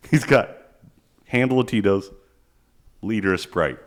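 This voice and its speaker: A man's voice: fairly low pitch, lively intonation, moderate pace, long pauses, fairly bright tone. A young man co-hosting a podcast, rambling crudely and swearing as he jokes. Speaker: podcast co-host. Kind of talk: casual podcast chat.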